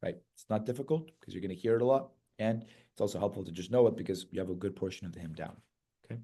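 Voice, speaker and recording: A man teaches a hymn chant step by step, singing short syllable phrases between quiet explanations. He is patient and keeps checking in with "right?" and "okay?", and his low voice moves fast with a breathy edge.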